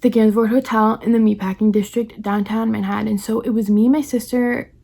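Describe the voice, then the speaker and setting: A young woman from the New York area, chatty and excited, telling a personal story on her vlog and acting out the quoted lines. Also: on the high side, gravelly. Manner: rapid, chatty, heavy use of "like", acts out quoted lines. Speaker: vlogger.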